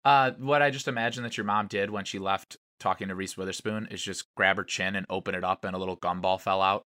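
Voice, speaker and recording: Low, bright-voiced man riffing. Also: fairly even intonation, fast, no echo, clean studio sound. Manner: rambling, joking, absurd tangents. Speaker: podcast co-host. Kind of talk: casual chat.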